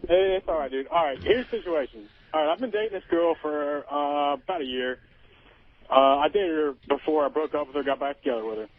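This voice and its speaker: A man from Cincinnati calling in to a radio show, talking haltingly with lots of "like" and restarts, over a tinny phone line. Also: fairly high pitch. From Cincinnati, USA. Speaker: caller. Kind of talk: call-in question.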